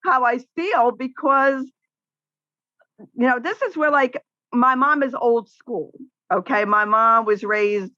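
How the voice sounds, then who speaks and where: A woman's voice: a little high, takes it slowly, no room sound. Woman, middle-aged, outspoken, storytelling, dull lo-fi recording, dry. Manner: outspoken, animated storytelling with laughs. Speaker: podcast guest, caregiver advocate. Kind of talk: casual interview conversation.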